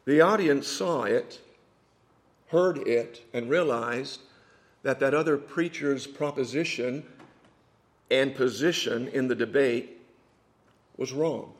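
A man preaching a sermon, telling a story with dramatic swings from hushed asides to loud emphatic points. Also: mid-range voice, slow, pauses often.

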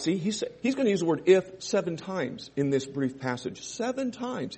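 A man preaching a sermon, reading scripture and explaining it, with loud emphatic stresses and quieter asides. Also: high-pitched, sing-song, moderate pace, slightly rough. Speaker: pastor.

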